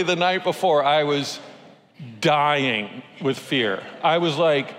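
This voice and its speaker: A pastor preaching a sermon, telling a personal story with animated, self-deprecating humor. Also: male voice, a little high, measured pace. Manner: animated, self-deprecating, acts out quoted voices. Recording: long hall reverb.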